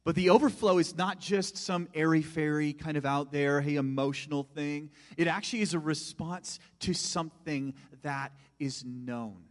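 A middle-aged male pastor preaching with animated energy, pushing some phrases out loud and dropping others to a hush. His voice sits a little high for a man, and a long reverb trails every phrase, as in a large church. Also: moderate pace, hardly any pauses. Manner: animated preaching, swings from loud emphasis to hushed asides. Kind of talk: sermon.

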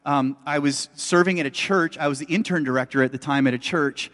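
Preaching a little fast, this middle-aged pastor has a fairly high, fairly bright voice. He talks to the audience directly in an emphatic, conversational style, with long hall reverb on the recording.

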